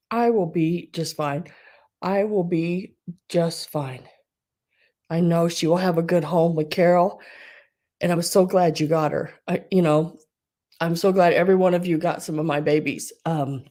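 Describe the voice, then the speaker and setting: A woman with a fairly low voice hosts a home live stream while crying. She speaks haltingly, her words breaking off and sinking into soft whispers. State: tearful, crying. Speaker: online live-sale host. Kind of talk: emotional live-stream chat.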